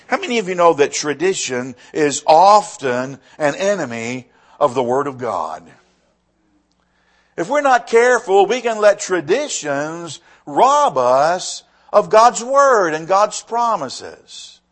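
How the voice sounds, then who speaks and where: A male pastor preaching a sermon, emphatic, often repeating his words and swinging between raised and hushed phrases. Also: a little high, sing-song, slow.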